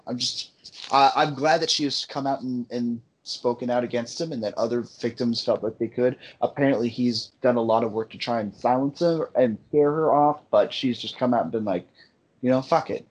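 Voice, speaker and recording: A man's voice: mid-range voice, normal speed, slightly rough. A man co-hosting a podcast, chatting casually and rambling, swearing freely, on a headphone mic that sometimes sounds muffled. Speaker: podcast co-host. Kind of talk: casual chat.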